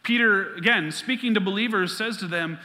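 A man preaching a sermon as pastor, emphatic, repeating key lines, with quick asides. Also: sits high, pushed and bright. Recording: long reverb of a large hall.

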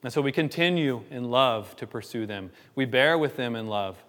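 A man's voice: mid-range voice, lively intonation, moderate pace, fairly bright tone. A man preaching a sermon as pastor, earnest and pleading, often restarting and repeating words. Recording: long hall reverb.

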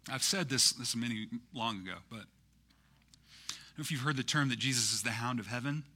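A male pastor with a husky, mid-range voice preaches at a normal speed. The sermon is conversational and laden with fillers, surging now and then into loud, impassioned peaks.

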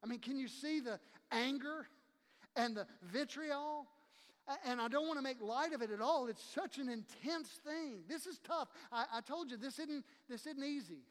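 A man's voice: very high-pitched, moderate pace, fairly bright tone, big-room sound. A man preaching a sermon as a pastor, impassioned and emphatic, acting out the voices of the people he quotes.

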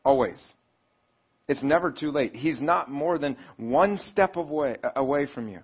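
Expressive and unhurried, a husky-voiced man preaches on audio with the highs cut off. The pastor keeps a conversational style, questioning the audience and performing pleading voices that rise in pitch.

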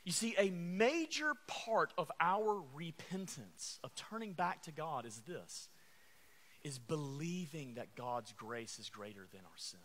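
A man's voice: on the high side, lively intonation, a little slow, a bit bright. A man preaching a sermon, calling out to the congregation and repeating refrains. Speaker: pastor.

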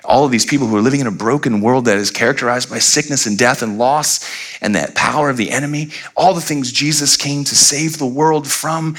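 Male pastor, bright voice; lively sermon storyteller who dramatizes scenes. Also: medium pitch, fairly quick. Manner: animated, acts out quoted voices.

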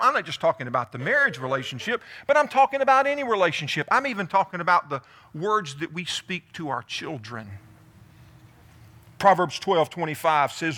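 Male pastor, sermon, lively, talks to the congregation, high voice, very bright tone. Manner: animated, calls on listeners by name, asks the room questions.

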